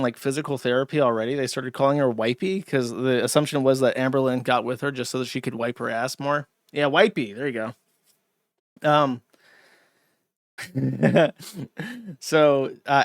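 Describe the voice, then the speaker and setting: A man's voice: medium pitch, fairly bright tone, dry recording. A man hosting a livestream, rambling through crude, sardonic commentary with lots of fillers, close to a desk mic. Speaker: streamer and host.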